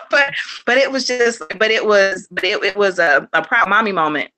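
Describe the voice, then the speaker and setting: A woman and homeschooling mother, a guest in a casual interview. She talks in a rambling, animated way, with many fillers and restarts and quick laughs, and she acts out her children's lines. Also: medium pitch.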